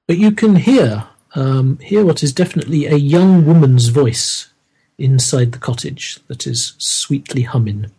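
Husky guy gm-ing a horror tabletop game, lots of ums and uhs. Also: mid-range voice, unhurried, mellow. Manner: hesitant, many fillers, descriptive. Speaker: game master.

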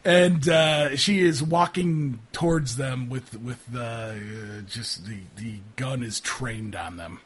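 A man running a tabletop role-playing game as game master, narrating in a halting way while he searches for words. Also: mid-range voice, slightly rough.

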